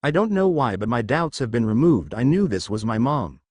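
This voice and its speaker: Expressive man reading fan fiction. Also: mid-range voice, moderate pace, no room sound. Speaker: narrator.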